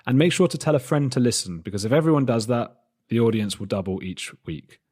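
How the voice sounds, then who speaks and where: A man's voice: medium pitch, a little fast, darkish tone. A man hosting a podcast, chatty and self-mocking, reading an intro and then interviewing a guest. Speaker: podcast host.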